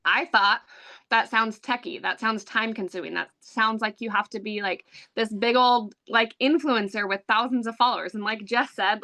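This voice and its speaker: A woman in her thirties shares her own story with a live audience in a candid, conversational way, full of "um" and "like". Her voice is bright and forward, with a gravelly rasp at the ends of phrases. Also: medium pitch, steady tone, moderate pace. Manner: candid, chatty, heavy with "um" and "like". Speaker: online business presenter. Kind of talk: personal story pitch to an audience.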